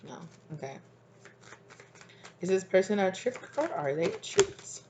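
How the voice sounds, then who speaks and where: A woman's voice: mid-range voice, sing-song, unhurried, noisy background. A woman giving a casual tarot card reading in a rambling way, with many fillers and laughs. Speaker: tarot reader.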